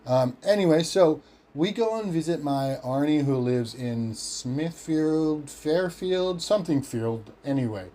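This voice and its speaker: A man's voice: a little high, measured pace, dark tone, slight background noise. A man with an Australian accent, telling a story on his podcast in a rambling way, cursing freely and acting out what others said. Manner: rambling, profane, acts out quoted voices. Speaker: podcast host. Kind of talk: casual storytelling.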